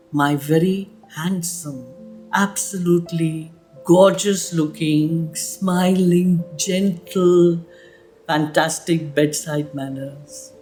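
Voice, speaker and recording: A woman with an Indian English accent tells her own story for a podcast. She speaks slowly, lingering over words with long dramatic pauses. Her delivery is emphatic and heartfelt, and soft music plays faintly underneath. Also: fairly low pitch. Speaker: podcast host.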